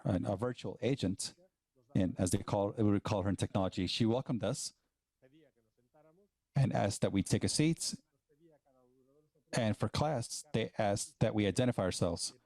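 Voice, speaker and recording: A man delivers a plenary talk at a conference in a fairly low, warm voice. He speaks haltingly and often restarts his sentences. The sound is dry and close, with little room around it. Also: vocal fry, dry recording.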